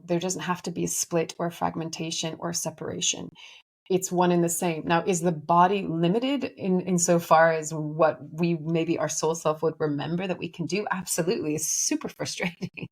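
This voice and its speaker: A young adult woman with a low voice and a gravelly edge, talking slowly through her thoughts about the inner self. She rambles with fillers and restarts as she reflects, in the loose manner of a spiritual reader. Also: a little mellow. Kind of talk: casual reflective monologue.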